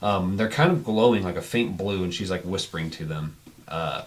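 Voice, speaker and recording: Low-voiced man running a tabletop game. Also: normal speed. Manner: loose, rambling, filler-heavy narration. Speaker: game master.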